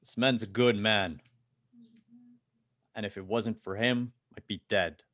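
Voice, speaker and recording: A man's voice: lowish voice, a little slow, a bit bright. A man voicing a big, tough male bodyguard who speaks steadily and threateningly in a tabletop game. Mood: calm menacing.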